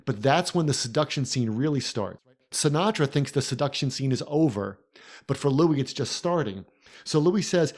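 A man co-hosting a podcast who analyzes a film in a casual way and walks through scenes in lively detail. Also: medium pitch, moderate pace. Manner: animated storyteller, recounts scenes in detail. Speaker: podcast co-host.

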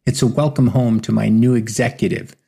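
A man's voice: mid-range voice, fairly even intonation, a little fast, creaky, mellow, breathy edge. A man voicing an affectionate, eager wife in an audiobook, lifting his voice into a sweet, purring delivery. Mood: doting.

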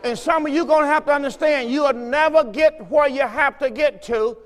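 Fervent high-voiced preacher in a hall. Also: male voice, moderate pace. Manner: fervent preaching, repeats phrases, exhorts listeners. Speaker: pastor. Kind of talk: sermon. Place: church sanctuary.

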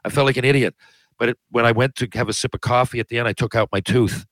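A man's voice: medium pitch, fairly even intonation, fast talker, fairly bright tone, no echo, rough recording. A man telling long, rambling anecdotes in a casual chat, often restarting his sentences. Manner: rambling, self-interrupting anecdotes. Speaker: podcast guest. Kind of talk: casual storytelling.

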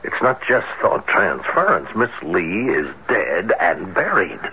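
An actor playing a probing police captain in an old-time radio drama, brisk and plainspoken as he questions a witness. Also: low-pitched, huge pitch swings, pushed and bright, slightly rough, full character voice. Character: probing middle-aged male police captain. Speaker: police detective. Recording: dull lo-fi radio broadcast with faint hiss.

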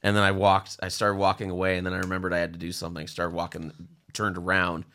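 A man's voice: sits low, monotone, fast, pushed and bright. A man joking dryly with friends in a casual comedy chat. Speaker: podcast guest.

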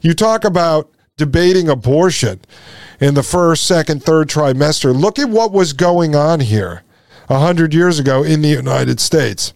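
A man's voice: a little high, animated, measured pace, creaky, darkish tone, dry recording, clean studio sound. A man hosting a commentary show, reading out passages and reacting with emphatic indignation to his listeners. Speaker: podcast host. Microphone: sunglasses on camera, studio mic.

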